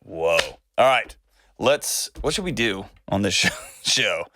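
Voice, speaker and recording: A man hosting a call-in advice show, telling stories in a folksy, animated way. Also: fairly low pitch, unhurried, dry recording, clean studio sound. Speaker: host. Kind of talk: casual call-in advice talk.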